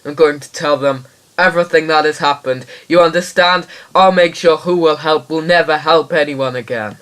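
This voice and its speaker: A man's voice: a little high, moderate pace, a bit bright, natural voice. A man doing an impression of a fretful former TV star in a comedy phone call sketch, fussy and indignant. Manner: fussy, indignant, rambling complaints.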